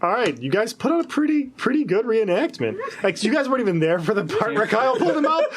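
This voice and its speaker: A young man narrating as game master of a tabletop game, his voice high for a man and swinging widely in pitch. He talks in an animated way, laughing often and slipping into voices for the crowd. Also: fast, a little hiss or hum.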